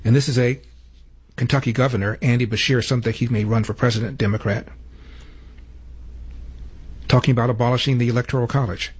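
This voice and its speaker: Husky-voiced male political talk host. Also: mid-range voice, fairly even intonation. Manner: measured, pointed, rhetorical. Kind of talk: political commentary with played clips.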